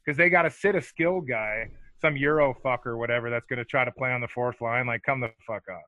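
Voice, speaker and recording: A man's voice: medium pitch, fast, sharp tone, no room sound. A middle-aged man, a former hockey fighter, telling rambling, profane stories as a podcast guest and laughing as he goes. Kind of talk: casual storytelling interview. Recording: dull lo-fi dry sound.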